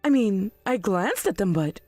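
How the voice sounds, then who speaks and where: Woman as an outraged mother, defensive, lively pitch, dry close voice. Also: normal speed, no echo, soft background music. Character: indignant middle-aged mother, proud and self-righteous. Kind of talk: text-message story voice reading.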